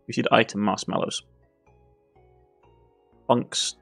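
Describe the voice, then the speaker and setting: A Cornish man reading through a detective game, dropping wry, dry asides as he goes. His voice is gravelly and sits at an ordinary pitch. Faint music plays under it. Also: fairly even intonation, moderate pace. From Cornwall. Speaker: gaming YouTuber. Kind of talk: let's play, reading game text aloud.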